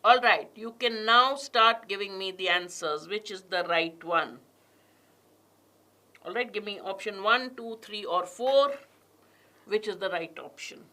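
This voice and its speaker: A woman's voice: medium pitch, a little slow, bright, forceful tone. A woman teaching an exam prep class online, reading passages aloud with heavy stress on key words and questioning her students.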